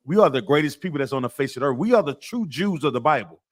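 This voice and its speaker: A man's voice: on the high side, animated, fast talker. A man leading a scripture class, quizzing his students with call-and-response questions and repeating himself to press a point. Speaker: class teacher.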